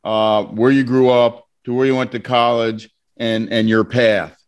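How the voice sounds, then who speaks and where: A man interviewing a guest, asking a question slowly and evenly. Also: medium pitch, little pitch movement, clean tone.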